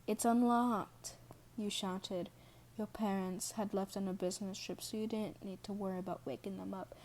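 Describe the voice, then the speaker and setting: Woman reading fanfic out loud, mellow voice, keeps tripping and correcting herself, bit of hiss. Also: medium pitch, little pitch movement, brisk. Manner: reads with restarts and self-corrections, stops to apologize. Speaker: fan fiction reader. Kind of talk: second-person story reading.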